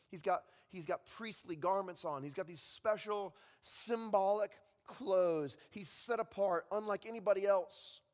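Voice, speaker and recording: A high-voiced male pastor preaching in a big church hall, the long reverb trailing after each phrase. He tells stories and often drops to a hushed voice. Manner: storytelling with sudden drops to a hushed voice. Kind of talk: sermon.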